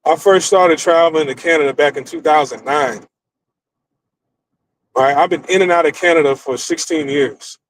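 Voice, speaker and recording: A middle-aged American man with a fairly high-pitched voice rants through a story. He talks in a blunt, profane, animated way, like a casual stream host. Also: normal speed, a little hiss or hum, rough recording.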